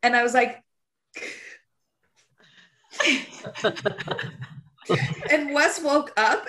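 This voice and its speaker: Bright, slightly high young woman talking fast. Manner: expressive, fast-talking, laughs through stories. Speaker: podcast co-host. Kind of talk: casual chat.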